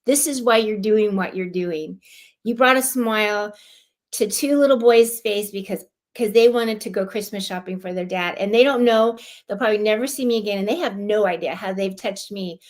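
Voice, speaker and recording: A woman from California, a guest on a live-streamed club show, telling a personal story in a heartfelt, animated way. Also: medium pitch, a little fast. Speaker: guest, club lieutenant governor.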